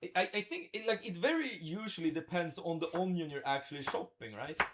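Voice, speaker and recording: This livestreamer cooks live in his home kitchen, his fairly high, expressive voice brisk over a very noisy backdrop. He gives casual commentary, thinking aloud and talking with his viewers.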